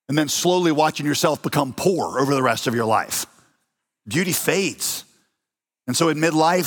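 A man's voice: on the high side, a bit bright, big-room sound. A man with an American accent preaching a sermon to his congregation in a conversational, humorous way, asking the listeners questions. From United States. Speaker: pastor. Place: church hall.

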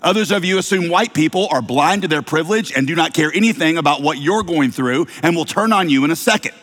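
A male pastor with a light Southern American accent delivers a sermon in a fairly high voice. He preaches conversationally, mixing humor and rhetorical questions. The sound carries the long reverb of a large church hall. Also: fast talker, a bit bright. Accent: slight Southern American. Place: church sanctuary.

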